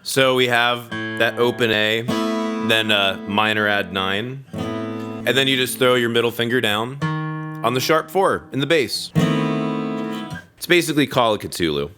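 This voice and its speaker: A man's voice: medium pitch, unhurried, long pauses. A man hosting a music reaction, explaining chords and theory in a casual, enthusiastic, profane way. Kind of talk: casual music analysis over a playing track. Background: loud rock song playing.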